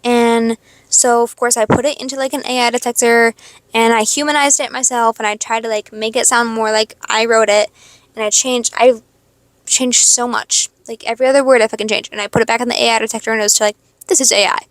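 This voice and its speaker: A high school senior girl in her late teens, rambling casually in a stream-of-consciousness monologue, swearing freely and second-guessing herself. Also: level tone, fairly quick, dry recording. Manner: rambling, swearing, self-questioning. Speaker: podcast host.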